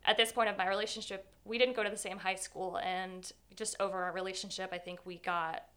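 A woman's voice: mid-range voice, level tone, fairly quick, sharp tone. A young woman telling a personal story in an interview, candid and rambling, full of fillers.

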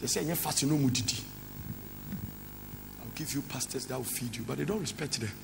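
A man's voice: medium pitch, animated, fast, gravelly, background noise. A man, a pastor preaching a sermon that slips into song and local words. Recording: echoey hall with faint ambience.

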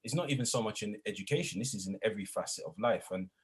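Husky man telling stories. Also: lowish voice, rapid-fire. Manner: reflective, builds to animated retelling. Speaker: guest, educator and former youth worker. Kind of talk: storytelling in a conversational interview.

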